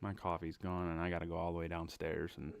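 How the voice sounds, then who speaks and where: A man co-hosting a podcast, telling crude stories in a casual, animated way. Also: deep voice, quick pace, creaky, clean tone, no echo. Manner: animated, crude, laughing storyteller. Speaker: podcast co-host. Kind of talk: casual storytelling chat.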